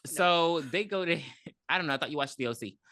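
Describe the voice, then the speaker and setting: A woman's voice: deep voice, lively intonation, brisk, a bit bright, no room sound, clean studio sound. A woman co-hosting a podcast, retelling a movie in a rambling, profane way with lots of ums and acted-out quotes. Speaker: podcast co-host. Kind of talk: casual movie recap chat.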